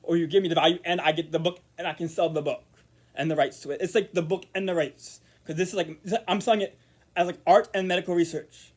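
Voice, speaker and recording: A man vlogging in a casual monologue to camera, rambling with repeated words and restarts, murmuring quiet asides. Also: fairly high pitch, fairly even intonation, quick pace.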